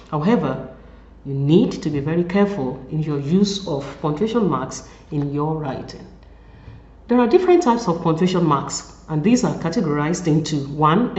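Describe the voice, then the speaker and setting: Female lecturer, deliberate numbered delivery, lo-fi echoey room sound. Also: sits low, darkish tone. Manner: deliberate, explains with spoken examples and numbered points. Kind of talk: recorded study-session lecture. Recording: echoey, dull lo-fi room recording.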